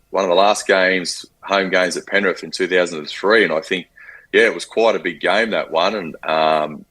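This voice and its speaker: A former rugby league player in his forties with an Australian accent, telling stories in a casual interview, animated and full of fillers. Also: low-pitched, breathy edge. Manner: animated storyteller, acts out quotes, frequent fillers.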